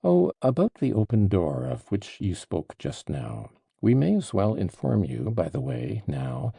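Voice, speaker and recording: A man reading an audiobook, voicing a cold, composed prosecutor in a frigid, measured delivery. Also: lowish voice, huge pitch swings, creaky, mellow, slightly rough, no room sound, full character voice.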